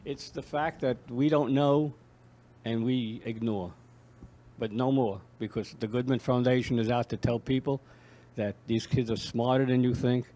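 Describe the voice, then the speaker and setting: A man who is a foundation founder, talking as a guest in a casual interview, halting and often repeating his words. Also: mid-range voice, fairly even intonation, mellow. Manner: halting, repeats words when speaking freely. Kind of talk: conversational interview, reading poetry aloud.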